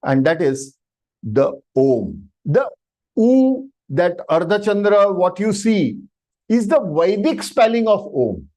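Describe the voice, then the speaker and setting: A man with an Indian English accent teaching an online language workshop, stretching out vowel sounds to demonstrate them and often pausing on "uh". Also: high voice, very animated, dark tone. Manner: demonstrative, drawn-out vowel sounds, frequent "uh" fillers. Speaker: Sanskrit teacher. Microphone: video call microphone.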